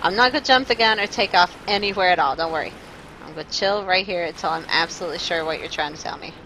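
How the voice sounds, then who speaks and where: A woman streaming live gameplay, talking to her chat in a jumpy, nervous way with quick laughs. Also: fairly low pitch, sharp tone, slight background noise, low-quality recording. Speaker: game streamer.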